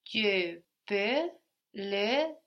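A woman's voice: medium pitch, expressive, extremely slow, muffled recording. A woman answering as a student in a language lesson, trying out words tentatively. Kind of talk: lesson responses.

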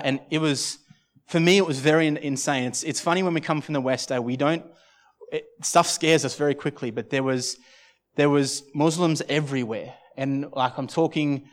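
A man preaching a sermon at a church service, telling a personal story in an earnest, halting way with many restarts. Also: a little high. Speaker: pastor.

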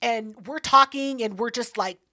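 Telling a story in a relaxed podcast conversation, this thirty-something host curses freely and performs what others said with lots of energy. Her voice sits a little high, her pace is normal, and there's no room sound.

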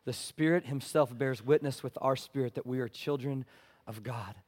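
A man preaching a sermon as pastor, swinging from loud pleading passages to hushed ones and calling for amens from the congregation. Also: mid-range voice, normal speed. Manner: calls for "amen" from the congregation.

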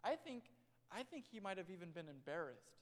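A young male pastor preaching a sermon in a church, swinging between loud and hushed delivery. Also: high-pitched, big pitch swings, a little fast. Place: church sanctuary. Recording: long hall reverb.

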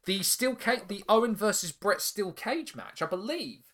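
A male podcast host talks through a story in a casual, animated recap. His voice is bright and forceful and pitched a bit high. He swears freely and breaks into quick laughs.

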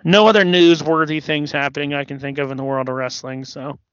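A man co-hosting a podcast, telling animated stories in casual chat and acting out quotes. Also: fairly high pitch, brisk, clear, resonant tone, no room sound, highs cut off. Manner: animated storytelling, acts out quotes. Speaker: podcast co-host.

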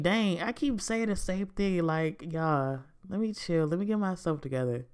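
A woman's voice: fairly low pitch, normal speed, few pauses, darkish tone, clean tone. A young woman talking to her viewers in a casual, rambling monologue, candid and slangy, swearing freely. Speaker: vlogger.

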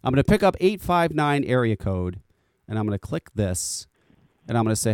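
A man's voice: medium pitch, sing-song, brisk, darkish tone, smooth. An American man hosting a podcast, ranting casually with frequent swearing and repeated words. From United States. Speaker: podcast host.

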